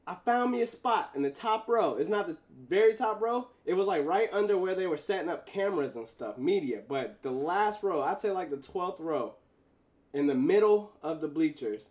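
Guy with a pretty high voice telling his viewers a story, loose and slangy, really animated. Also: normal speed. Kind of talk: casual storytelling monologue.

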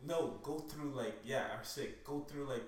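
A man's voice: mid-range voice, measured pace. A young man in casual chat, joking and giving opinionated asides. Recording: echoey room, distant mic, faint noise.

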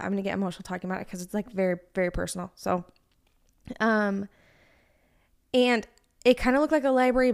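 A woman in her thirties co-hosting a podcast, talking candidly and personally, with lots of "like" in her casual chat. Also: mid-range voice. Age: 30s. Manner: chatty, heavy use of "like", candid and personal. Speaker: podcast co-host.

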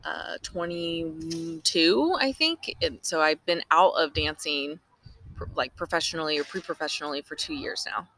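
A woman in her twenties, a guest on a casual podcast, relaxed and thinking aloud with ums. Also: deep voice, moderate pace, dry recording.

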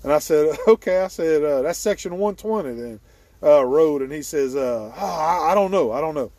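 A man's voice: on the high side, animated, normal speed, a little mellow, dry recording. A man, hosting a hunting video and telling a story outdoors with frequent laughter. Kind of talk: casual storytelling. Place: outdoors at a boat launch before dawn.

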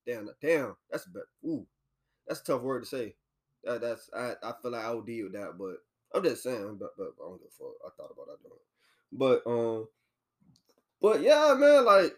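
A young man hosting a podcast from an apartment, ranting casually in loose slang. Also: sits high. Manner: loose, animated slang-heavy rant. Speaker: podcast host.

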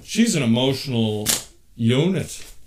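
A man in his thirties co-hosting a podcast, chatting casually and telling stories in an animated, joking way. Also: medium pitch, measured pace, background noise. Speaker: podcast co-host. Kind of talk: casual chat.

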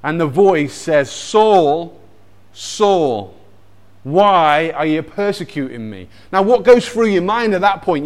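A man telling a Bible story in a lively, animated way, mixing in personal anecdotes. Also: high-pitched. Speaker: speaker retelling a Bible story.

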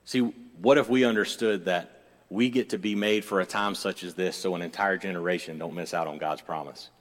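A man's voice: deep voice, steady tone. Man preaching in a reverberant church. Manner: conversational preaching that builds to fervent, rapid-fire repetition; self-deprecating jokey asides. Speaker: pastor. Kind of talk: sermon. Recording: long reverb of a church hall.

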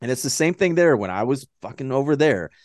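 A man from Texas with a Texan accent, co-hosting a casual movie-review podcast and ranting in a profane, animated way. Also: mid-range voice, brisk, dry recording, studio quality. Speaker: podcast co-host.

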